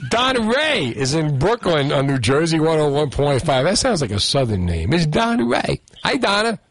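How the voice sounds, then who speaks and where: A man's voice: on the high side, moderate pace. A middle-aged man hosting a radio show, talking casually with callers and laughing often. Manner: joking, animated, laughs often.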